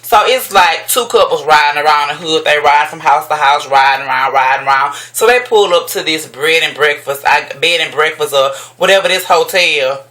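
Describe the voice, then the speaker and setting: A woman ranting casually to camera at home, profane and sassy, jumping up high in pitch when she exclaims. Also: normal speed, few pauses, fairly bright tone. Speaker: vlogger.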